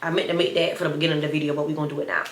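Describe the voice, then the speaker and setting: A woman's voice: low voice, rapid-fire, roomy sound, background noise. Chatty young woman with a slight lisp. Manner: animated, chatty, addresses viewers as y'all. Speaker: storyteller vlogger. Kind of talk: casual storytime.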